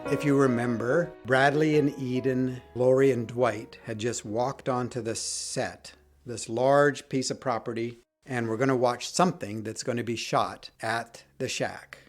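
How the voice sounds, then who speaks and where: A man hosting his own podcast, telling a personal story and acting out quoted dialogue with lively shifts in voice. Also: medium pitch, unhurried, faint music behind. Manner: retells scenes, quoting dialogue in lively voices. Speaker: podcast host.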